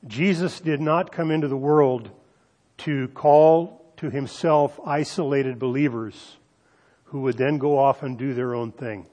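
A male pastor delivering a sermon, slowing down to stress key phrases and speaking directly to the congregation. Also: medium pitch, fairly even intonation, mellow. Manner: emphatic preaching with slowed, stressed phrases and audience asides.

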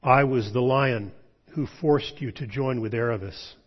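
A man voicing a huge, ancient male lion who speaks slowly in a deep, hushed voice. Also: close to an everyday voice. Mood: solemn. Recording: dull lo-fi sound.

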